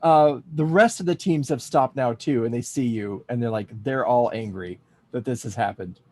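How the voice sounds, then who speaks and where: A man running a tabletop game as game master, narrating with many pauses and fillers. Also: medium pitch, a little mellow, a little hiss or hum. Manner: halting, filler-heavy narration.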